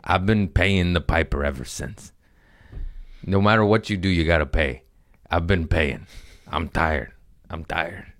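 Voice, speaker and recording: A man's voice: sits low, a little slow, long pauses, fairly bright tone, dry recording, clean studio sound. A man hosting his own podcast in a rambling, comedic monologue, joking, swearing and laughing often at himself. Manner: joking, profane, self-mocking, laughs often. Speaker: podcast host. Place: his apartment.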